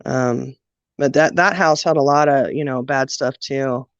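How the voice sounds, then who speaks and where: A woman telling her own childhood story in a halting, emotional way, with many pauses and fillers. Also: a bass voice, no room sound. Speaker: guest sharing childhood story. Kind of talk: personal storytelling. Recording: dull, dry lo-fi sound.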